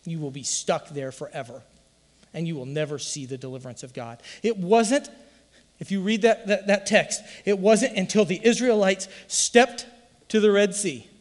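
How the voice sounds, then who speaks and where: A man's voice: high-pitched, normal speed, in a large hall. A man preaching a sermon in an emphatic, folksy way, full of rhetorical questions. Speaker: pastor.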